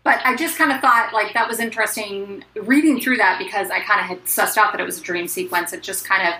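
A woman's voice: mid-range voice, brisk, pushed and bright. A woman casually discussing a book, chatty, with many fillers and passages read aloud. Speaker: book podcast co-host. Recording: echoey room with faint noise.

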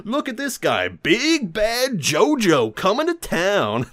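Man doing a biker gang guy, male, mocking, drawling, pitched up. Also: wildly swooping pitch, takes it slowly, a bit bright, heavily acted. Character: amused adult male biker gang member.

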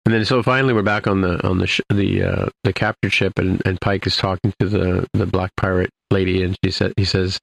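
Deep-voiced guy with a gravelly edge, chatting casually, rambly and full of um and uh. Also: little pitch movement, fast talker, hardly any pauses, dry recording. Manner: rambling, many fillers and restarts. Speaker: podcast host recapping an episode. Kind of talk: casual chat.

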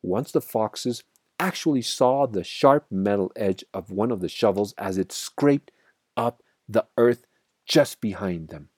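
A man reading a children's storybook aloud in an expressive, dramatic way. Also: on the low side, unhurried, slightly rough, no echo, clean studio sound.

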